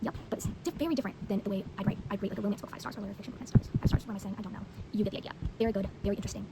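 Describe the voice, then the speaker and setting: A woman's voice: medium pitch, very fast, heavy background noise. A teenage girl chatting casually about books she has read, rambling with lots of fillers and blunt opinions. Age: teens. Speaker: vlogger. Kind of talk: casual book review chat.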